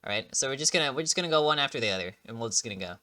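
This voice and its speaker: This man chats loosely through a game trailer reaction, rambling with excitement, restarting sentences and leaning on fillers as though he just got up. He talks very fast at a medium pitch.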